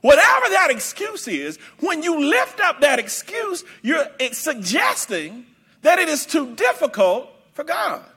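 A male preacher delivering a sermon in an emphatic, repetitive way, bursting into shouts. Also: very high-pitched, huge pitch swings, unhurried.

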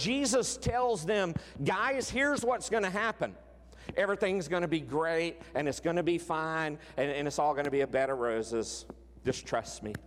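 A man preaching a sermon, emphatic, repeating words and dropping from loud declarations to hushed lines. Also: fairly high pitch, in a large hall. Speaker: pastor.

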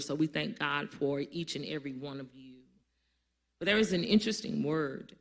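A pastor preaching a sermon to a congregation, calling on people to answer back and building up to loud, emphatic lines. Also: medium pitch. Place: church service before a congregation.

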